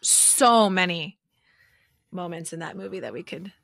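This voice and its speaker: A woman's voice: on the low side, a little slow, gravelly, no room sound, studio quality. A woman in her thirties co-hosting a podcast, chatting casually and animatedly about her favorite movies. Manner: animated, quotes movie lines with laughs. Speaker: podcast co-host. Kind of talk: casual chat.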